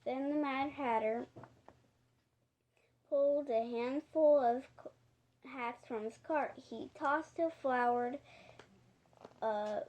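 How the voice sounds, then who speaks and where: A woman reading a children's storybook aloud, halting now and then and correcting herself. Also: sits high, darkish tone. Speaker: audiobook reader.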